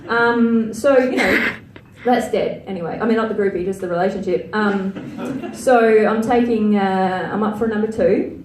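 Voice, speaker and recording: A woman's voice: mid-range voice, normal speed, hardly any pauses, far from the mic, noisy background. A young Australian woman performing a stand-up set, crude and self-mocking, chatty with lots of filler words. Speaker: stand-up comedian. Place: comedy venue stage. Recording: roomy live venue sound from afar.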